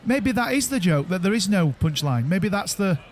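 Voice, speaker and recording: A man co-hosting a podcast in casual chat, telling jokes with halting restarts. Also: sits high, big pitch swings. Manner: halting, stammering restarts, chuckling joke teller. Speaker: podcast co-host.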